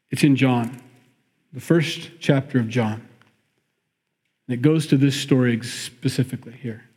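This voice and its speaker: A man's voice: mid-range voice, dark tone. A man preaching a sermon, mixing Bible reading with wry, joking asides and acting out the quoted lines. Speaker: pastor.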